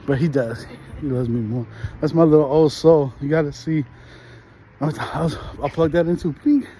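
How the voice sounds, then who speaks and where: A man's voice: on the high side, unhurried, dark tone, slight background noise. A man in his thirties with a New York accent, rambling casually in slang while walking down a residential street and filming on a phone. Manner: laid-back slangy rambling, laughs often. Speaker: vlogger host. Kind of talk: casual walk-and-talk chat.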